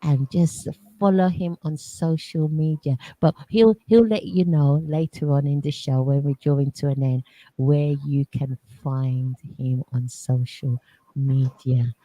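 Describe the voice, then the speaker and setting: A woman's voice: low-pitched, steady tone, a little slow, warm tone, no echo, low-quality recording. A woman hosting a casual radio interview, chiming in with enthusiastic, affirming remarks. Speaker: radio host.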